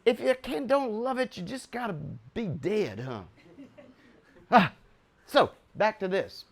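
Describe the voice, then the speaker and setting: An older American man teaching the Bible in an excitable, chuckling way, with sudden loud bursts for emphasis. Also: high-pitched, a little slow.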